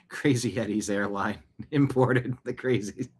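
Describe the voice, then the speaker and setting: A man hosting his own news show delivers heated commentary in a middling-pitched voice with a steady tone and a breathy edge, taking it slowly. Indignant and unrelenting, he fires off one rhetorical question after another.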